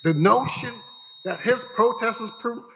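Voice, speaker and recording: A man speaking as an attorney during public comment at a city council meeting, arguing forcefully and repeating his points for emphasis. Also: extremely high pitch, measured pace, a little hiss or hum. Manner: forceful, emphatic argument with repetition. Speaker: attorney for a bidder. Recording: council chamber with long reverb.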